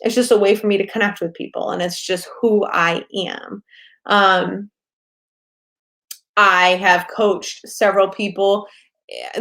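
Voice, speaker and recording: A woman business coach giving a casual course lecture, loud and excitable, swearing freely and laughing often. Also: medium pitch.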